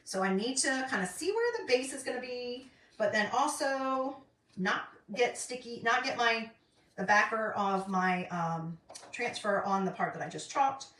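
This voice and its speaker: Middle-aged woman, rambling craft chat, bright tone, roomy far-off mic. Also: a little high, animated, unhurried. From North Carolina, US. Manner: rambling and chatty, many ums. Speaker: craft vlogger. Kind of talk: casual chat while crafting. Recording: roomy, distant, faint noise.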